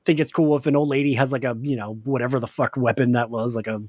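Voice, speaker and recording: A man's voice: medium pitch, steady tone, quick pace, darkish tone, dry recording, studio quality. A man with a Philadelphia-area accent co-hosting a podcast, talking casually, laughing often and swearing now and then. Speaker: podcast co-host. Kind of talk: casual chat.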